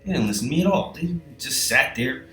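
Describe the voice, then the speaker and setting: A man telling a rambling, profane comedic story in a casual, animated way. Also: mid-range voice, a little fast. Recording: echoey room with faint music.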